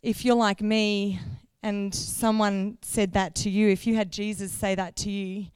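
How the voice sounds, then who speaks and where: A guest preacher delivers a conversational sermon, questioning the congregation, losing her place and fixing herself mid-sentence. Her medium-pitched voice is level, a little slow, darkish and smooth. There's no echo.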